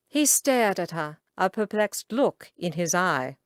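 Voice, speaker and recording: Woman reading a romance audiobook, lots of pitch movement, slow and dry. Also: dry recording. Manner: expressive, dramatic reading. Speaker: audiobook narrator. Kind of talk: scripted audiobook narration.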